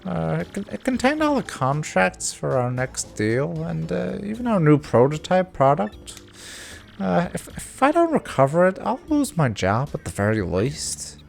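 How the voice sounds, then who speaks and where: Game voice: a man playing a jittery businessman who trips over his words, pitched up. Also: sing-song, unhurried, creaky, full character voice. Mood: anxious. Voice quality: stammering, anxious. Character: nervous stammering male businessman.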